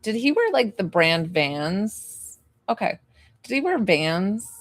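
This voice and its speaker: A woman's voice: mid-range voice, sing-song, slow, no echo. Tentative, chatty woman medium. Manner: rambling and tentative, full of "like" and questions to the sitter; gently reassuring when she relays comfort. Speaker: psychic medium. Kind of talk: live spirit reading for a client.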